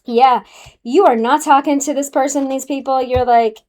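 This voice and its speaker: A fairly high-voiced woman does a casual tarot reading straight to camera. She talks with sass and calls the listener honey. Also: steady tone, moderate pace, a little mellow. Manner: sassy, calls the viewer honey. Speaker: tarot card reader.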